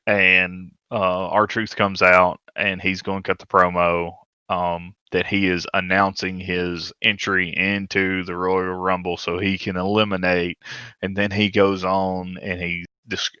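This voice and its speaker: A man co-hosting a casual podcast chat, animated and retelling stories at length. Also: low-pitched, measured pace, clear, resonant tone, no room sound, lo-fi sound. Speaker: podcast co-host.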